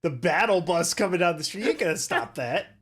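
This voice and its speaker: A man's voice: on the high side, animated, a little fast, fairly bright tone, slightly rough. A man co-hosting a podcast, chiming in with jokes and laughter during a story. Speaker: podcast co-host. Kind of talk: casual chat with jokes.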